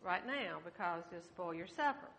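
An older woman voices a patient mother in a church story for children. Her words come firm and measured, close to the storyteller's own voice. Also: on the low side, lively intonation, fairly bright tone, a little hiss or hum.

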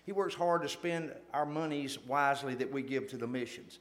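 A man's voice: mid-range voice, moderate pace, fairly bright tone. A man telling a folksy, self-deprecating story to a church gathering, repeating phrases for emphasis. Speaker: church lay speaker.

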